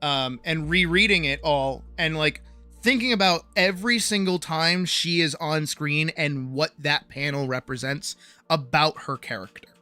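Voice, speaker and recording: Live on stream, a woman chats animatedly about character writing, swearing freely and checking in with "right?". Her low, unhurried voice has a sharp tone, with no room sound and soft background music.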